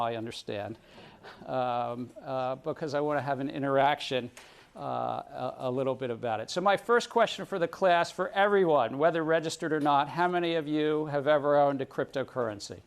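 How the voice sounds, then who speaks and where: A man's voice: mid-range voice, moderate pace, vocal fry, clean tone. A middle-aged man giving a university lecture, chatty and often putting questions to the students in a room with round tables. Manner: conversational, questions the class often.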